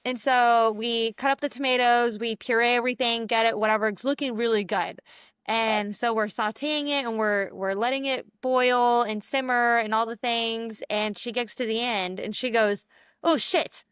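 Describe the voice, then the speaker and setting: The young podcast co-host is chatty as she recounts a story, voicing the quotes herself. Her voice is a little high, steady, and a bit bright, at normal speed. The studio-quality recording is clean with no room sound.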